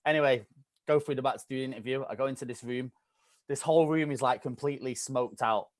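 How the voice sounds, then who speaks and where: A man's voice: mid-range voice, fast. A man with a Mancunian accent tinged with Scouse and London, a radio DJ telling stories in casual podcast chat. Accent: Mancunian mixed with Scouse and London. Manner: animated, chatty storyteller. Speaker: radio DJ guest.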